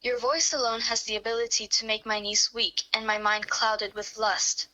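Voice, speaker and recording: Woman doing a smitten young girlfriend, soft quavery voice, bright and a bit high. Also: flat delivery, normal speed, muffled recording. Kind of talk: fan role-play reading, first person.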